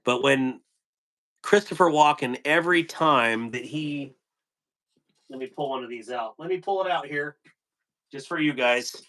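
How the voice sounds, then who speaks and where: A man's voice: mid-range voice, a little slow, pauses often, fairly bright tone. A man hosting a casual live stream, rambling loosely and telling corny jokes to his viewers.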